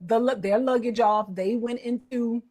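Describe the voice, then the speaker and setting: A woman's voice: on the high side, fairly even intonation, moderate pace, mellow. A woman in a social media clip telling, indignantly, how she felt disrespected. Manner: indignant, aggrieved. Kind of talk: casual storytelling.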